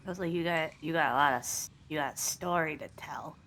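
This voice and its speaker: A woman's voice: low voice, fairly quick, a bit bright, a little hiss or hum. A woman playing a tabletop game in character, curious and playful. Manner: curious, playful, laughs often. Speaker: player.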